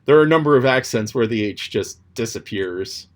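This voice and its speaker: A man's voice: medium pitch, lively intonation, brisk. A man casually talking through his thoughts on a book chapter he read aloud. He rambles and muses, with frequent ums and restarts, and now and then slips playfully into quoted voices. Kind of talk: casual spoken commentary.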